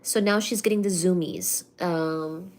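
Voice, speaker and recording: A woman's voice: fairly low pitch, steady tone, a little slow, a little mellow. A woman hosting a casual live study stream from home, chatty and full of fillers, cooing baby talk to her cat between topics. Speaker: livestream host. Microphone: computer mic during a livestream.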